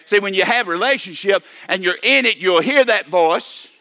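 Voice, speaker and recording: An older man delivers a sermon in a high, bright voice. He repeats himself, restarts phrases and keeps calling for amens. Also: animated, moderate pace. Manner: repetitive, stammering restarts, calls for amen. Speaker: preacher.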